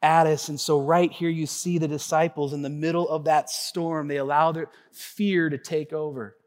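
A man's voice: on the high side, level tone, moderate pace. A man in his thirties preaching a sermon, telling a story animatedly and acting out the voices in it. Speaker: pastor. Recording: long hall reverb.

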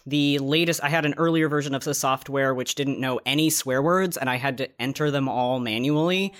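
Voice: medium pitch, fairly quick, fairly bright tone. Young adult novelist, casual podcast chat: candid storyteller who laughs at themselves. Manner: candid, laughing, tells stories with self-mocking asides.

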